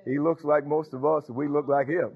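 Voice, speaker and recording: Man, pastor, folksy call-and-response sermon, higher voice, tinny phone-line recording. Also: steady tone, fairly quick, creaky, breathy edge. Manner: folksy call-and-response preaching, frequent laughs.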